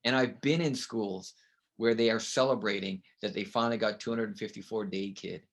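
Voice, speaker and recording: A man's voice: on the low side, steady tone, moderate pace. A man speaking as an interview guest, explaining with emphatic, coaching rhetorical questions. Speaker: guest educator. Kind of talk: conversational interview.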